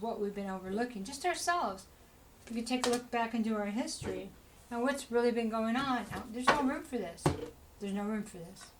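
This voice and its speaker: A woman's voice: a little high, slight background noise, rough recording. A woman giving a casual spoken tarot reading, chatty and rambling, with many asides to the listener and an encouraging tone. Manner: chatty, rambling, full of "you know" asides; encouraging, talks straight to the listener. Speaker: tarot reader.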